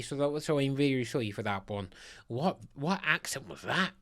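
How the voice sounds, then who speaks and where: A man's voice: mid-range voice, animated, normal speed, a bit bright, soft background music. A man giving casual, playful ranking commentary on football kits, giddy and self-mocking, often stuttering and restarting. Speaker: football kit reviewer.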